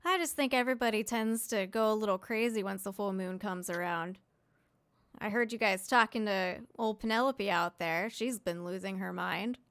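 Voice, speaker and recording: A woman's voice: medium pitch, normal speed, fairly bright tone, dry recording, close to an everyday voice. A woman voicing a weary, chatty male innkeeper who misses adventuring, blunt and gossipy.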